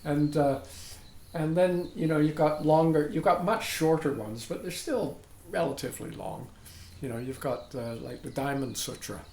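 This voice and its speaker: A man gives an informal dharma talk to a group, chatty and digressive, frequently checking in with "right?". His voice is on the high side and a little mellow at normal speed, in a roomy recording with faint background noise.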